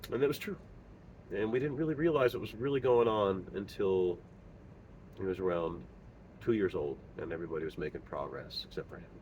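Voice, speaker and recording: A middle-aged man talks in a lowish, unhurried voice, pausing often and filling gaps with fillers. He sounds earnest and plainspoken. A faint hiss of noise sits under the recording. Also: a little mellow, highs cut off. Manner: halting, earnest, many pauses and fillers. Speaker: father sharing his story. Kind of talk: personal monologue.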